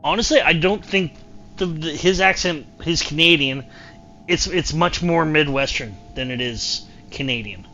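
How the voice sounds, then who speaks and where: A man's voice: a little high, a little slow, pushed and bright, highs cut off, soft background music. A man streaming a game and chatting casually, rambling and repeating himself as he talks. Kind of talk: casual gameplay chat.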